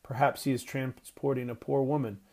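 A man's voice: medium pitch, little pitch movement, moderate pace, dark tone, natural voice. A man reading the part of a young girl who offers a timid suggestion. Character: frightened young girl, earnest.

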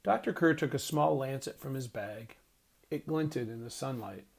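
A male narrator reading a novel aloud in a measured, expressive way. His voice sits at a middle pitch, neither deep nor high. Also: creaky, breathy edge. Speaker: audiobook narrator. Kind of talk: scripted narration.

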